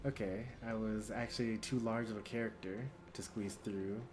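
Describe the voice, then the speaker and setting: A man's voice: lowish voice, moderate pace. Tired man chatting on a game stream. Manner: rambling, relaxed musing aloud. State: tired, yawning. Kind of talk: casual game-stream chat. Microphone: desk USB microphone.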